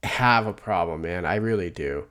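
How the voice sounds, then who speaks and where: A man's voice: deep voice, moderate pace, a bit bright. A man co-hosting a casual podcast chat, rambling and stammering a lot, often mocking himself. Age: adult, older than before. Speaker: podcast co-host.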